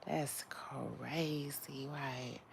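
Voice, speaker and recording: Hushed low-voiced woman gossip host. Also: steady tone, creaky, slight background noise. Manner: hushed, keeps voice down to not wake others; chatty, drawn-out slang phrasing. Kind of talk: casual chat to viewers.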